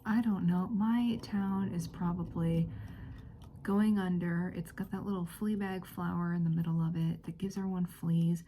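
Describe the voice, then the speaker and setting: A woman's voice: on the low side, fairly even intonation, normal speed, dark tone, a little hiss or hum. A woman whispering in a friendly role-play, giggling and rambling through casual chat as a friend hosting a visit.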